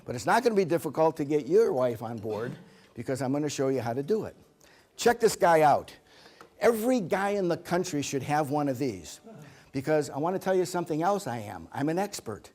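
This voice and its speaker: A man's voice: fairly high pitch, big pitch swings, a little fast, a little mellow. A man giving a humorous seminar to a live audience, telling jokes and acting out quotes. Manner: joking storyteller, acts out quotes. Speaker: seminar presenter.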